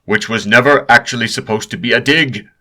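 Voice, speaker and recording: A man voicing a male professor who booms and blusters. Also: brisk. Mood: blustering. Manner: loud, blustering.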